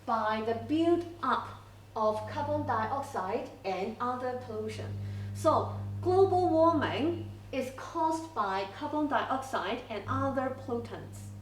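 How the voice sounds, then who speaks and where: A woman teaching an English class, explaining slowly and checking in with frequent okays. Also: a little high, lively intonation, a little hiss or hum. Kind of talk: classroom lesson recording. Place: school classroom. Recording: roomy classroom, from a distance.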